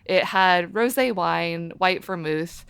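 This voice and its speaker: A woman co-hosts a podcast, with a voice pitched a little low for a woman, recorded dry and close. She chats casually and laughs easily while telling a story. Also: slow pace, vocal fry, fairly bright tone, smooth, dry recording. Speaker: podcast co-host. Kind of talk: casual chat.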